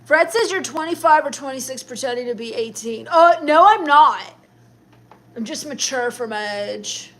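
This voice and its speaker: A woman's voice: a little high, moderate pace, few pauses, a bit bright. A young woman live streaming, reading viewer comments aloud and firing back sassy, snappy comebacks. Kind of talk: in-character comedy livestream reading chat.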